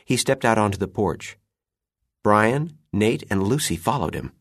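A man reads a children's story slowly, with a lowish voice that moves a lot in pitch. The sound is close and dry. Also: dry recording. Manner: unhurried expressive reading. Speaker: narrator. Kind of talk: storybook narration.

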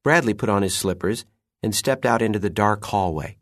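A man narrating a children's story in an unhurried, expressive reading. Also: lowish voice, no echo, clean studio sound.

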